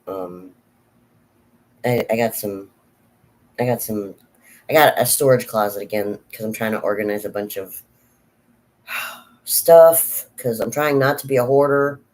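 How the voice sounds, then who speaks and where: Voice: mid-range voice, darkish tone. A vlogger and actor chatting casually to camera, meandering from thought to thought with frequent restarts and fillers. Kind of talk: casual rambling chat to camera.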